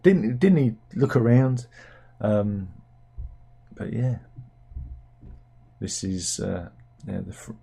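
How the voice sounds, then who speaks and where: A man's voice: fairly low pitch, expressive, takes it slowly, creaky, long pauses, warm tone, husky. A man from the UK hosting a comic news show, chatting casually and wryly with lots of fillers and restarts. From United Kingdom. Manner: rambling, wry, talks to himself with fillers and restarts. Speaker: satirical news show host.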